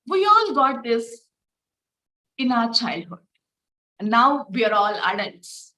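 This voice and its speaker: A woman spiritual teacher guides listeners through a quiet reflection. She speaks unhurriedly, in a fairly high voice, asking one gentle question after another. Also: sing-song, slow, pauses often, low-quality recording. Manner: gentle, repeated rhetorical questions.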